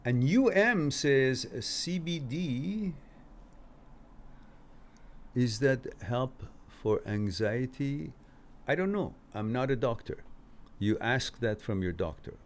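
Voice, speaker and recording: A man's voice: medium pitch, big pitch swings, slow, long pauses. A man hosting a live stream, reading out viewers' chat comments and answering them in a loose, chatty way, laughing now and then. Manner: reads out chat comments and replies, laughs easily. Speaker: livestream host answering viewer questions.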